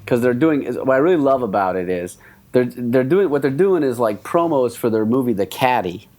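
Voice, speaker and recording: A man's voice: mid-range voice, expressive, a little fast, a little mellow. Laughing man retelling funny clips. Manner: laughs often while retelling clips, imitates voices. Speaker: podcast co-host. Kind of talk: casual chat.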